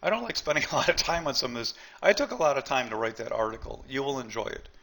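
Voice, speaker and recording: A man's voice: mid-range voice, big pitch swings, fast talker, vocal fry, fairly bright tone. A man teaching a live trading seminar, blunt and emphatic, often repeating himself and talking straight to the group.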